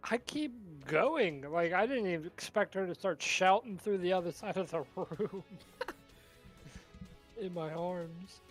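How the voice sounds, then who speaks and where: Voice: medium pitch, expressive, normal speed, few pauses, soft background music. A player in a tabletop game, speaking casually and giggling between lines.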